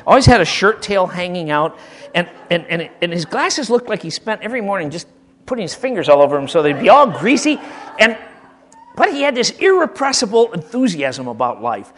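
A man's voice: high voice, a little fast, slight background noise. A man from Michigan telling comic anecdotes about his old school teachers in a casual storytelling style. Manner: animated, comic, acts out quotes, frequent restarts.

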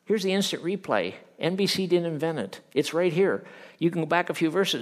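A middle-aged man preaching a sermon as pastor, animated, swinging from loud acted quotes to hushed earnest tones. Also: fairly high pitch, brisk.

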